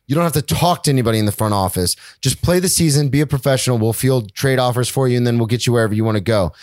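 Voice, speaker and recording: A man's voice: medium pitch, dry recording, studio quality. A young man co-hosting a casual sports podcast, rambling and jokey, swearing freely. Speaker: podcast co-host.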